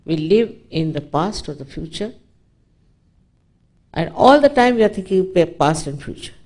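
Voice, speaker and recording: A woman's voice: fairly low pitch, lively intonation, moderate pace, darkish tone. A woman from India with an Indian English accent, giving a public spiritual talk in an emphatic, storytelling way with frequent asides. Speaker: spiritual teacher.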